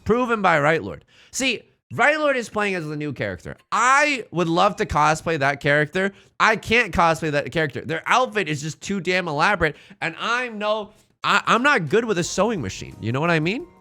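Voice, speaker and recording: A male streamer with a slightly high, bright, forceful voice talks over faint background music. His pitch swings widely as he hypes up his own jokes and riffs with chat. The tone stays playful and self-mocking. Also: very animated, moderate pace. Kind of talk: live-streamed mahjong commentary.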